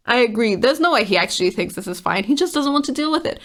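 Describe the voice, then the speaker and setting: A woman's voice: on the high side, lively intonation, fast talker, hardly any pauses, fairly bright tone. A woman giving casual, exasperated commentary while reading out online comments, often laughing.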